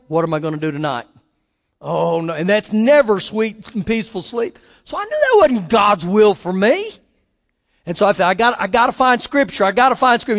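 A man's voice: extremely high pitch, in a large hall. A man preaching a sermon as pastor, emphatic, repeating phrases and putting questions to his listeners.

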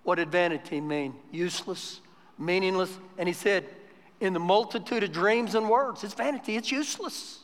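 Pastor guy preaching live, really high voice, big church echo. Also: moderate pace. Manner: conversational storytelling building to emphatic preaching. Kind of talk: sermon. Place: church sanctuary during a live service. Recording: long church hall reverb.

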